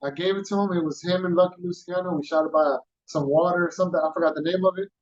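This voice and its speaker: Man from Houston, fairly high voice, animated storyteller, slightly muffled sound. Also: fast. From Houston, Texas. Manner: animated storyteller, acts out quoted voices, street slang. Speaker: podcast guest. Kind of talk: casual storytelling.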